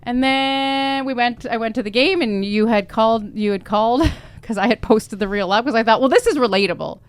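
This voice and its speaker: A woman co-hosting a podcast, telling personal stories in a lively, emotionally open way. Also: a little high, normal speed, clean tone, no echo. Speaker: podcast co-host. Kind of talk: casual chat.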